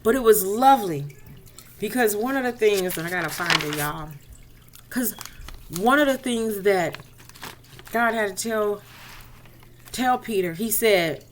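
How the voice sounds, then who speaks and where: Woman, inspirational speaker, mid-pitched, chatty personal faith testimony. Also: animated, measured pace, long pauses. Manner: conversational, addresses listeners directly; retells dialogue expressively.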